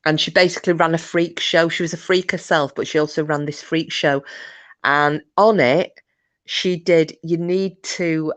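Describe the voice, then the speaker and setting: Female streamer with a low voice, casual rambling host. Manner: chatty, rambling, chuckling asides. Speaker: livestream host. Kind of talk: casual chat reading viewer comments.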